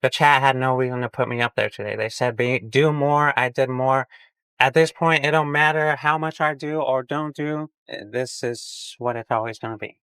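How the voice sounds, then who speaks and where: A man's voice: mid-range voice, steady tone, moderate pace, a bit bright, clean tone, no room sound, rough recording. A man, a just-eliminated contestant, speaking in a resigned, aggrieved way. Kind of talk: casual exit speech.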